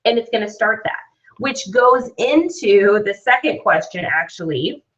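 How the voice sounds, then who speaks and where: A woman hosts an online business training as a sales trainer, chatting upbeat and often checking in with "right?". Her medium-pitched voice is animated and a little slow. The sound is dull and lo-fi, from a slightly distant mic.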